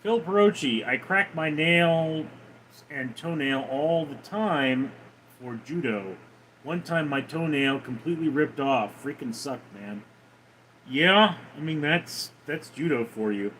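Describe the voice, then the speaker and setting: A man's voice: a little high, animated, slow, fairly bright tone, slight background noise, low-quality recording. A man hosting a casual livestream, laid-back as he answers viewers' chat messages one by one. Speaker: livestream host reading chat.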